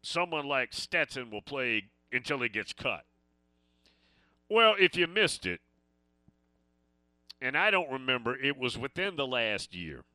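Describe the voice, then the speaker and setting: A man's voice: mid-range voice, big pitch swings, a little slow, pauses often, pushed and bright, no room sound. A man hosting a sports call-in radio show, talking casually and rambling between stories and listener messages.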